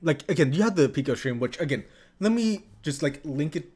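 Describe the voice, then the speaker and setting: Podcast guy, kinda high voice that jumps around a lot, says like constantly, teases his buddy. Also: animated, fairly quick, darkish tone, slightly rough. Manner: lots of "like" fillers, teasing. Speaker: podcast co-host. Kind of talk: casual chat.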